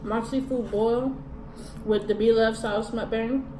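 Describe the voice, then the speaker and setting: A woman's voice: on the high side, steady tone, unhurried. A woman vlogging a mukbang, chatting casually in slang while eating and talking with her mouth full. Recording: echoey room from a distance with background noise.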